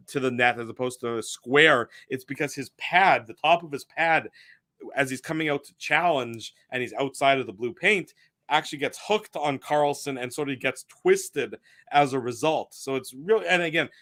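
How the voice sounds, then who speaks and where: A man's voice: medium pitch, fairly bright tone, no echo, clean studio sound. A man co-hosting a hockey post-game show, recapping the game steadily with many fillers.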